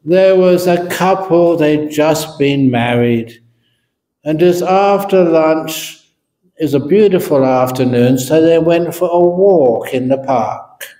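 Slow, humorous monk in an echoey hall. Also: male voice, a little high. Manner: humorous storyteller, animated and playful. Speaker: Buddhist monk teacher. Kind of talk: evening Q&A dharma talk. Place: meditation centre hall.

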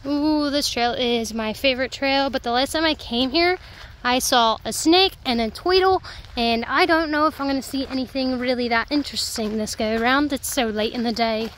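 High-voiced young woman vlogging on a trail. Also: brisk, hardly any pauses, poor audio. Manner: chatty and excitable, bursts into loud exclamations. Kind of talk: casual hiking vlog. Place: outdoors on a wooded marsh trail.

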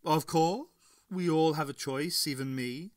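A vast collective entity speaks in a raised, slow, solemn voice, grand and calm, as a male reader puts it on. The audiobook sound is dry and close. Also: a little high, no room sound, pitched above the performer's own voice, lightly acted.

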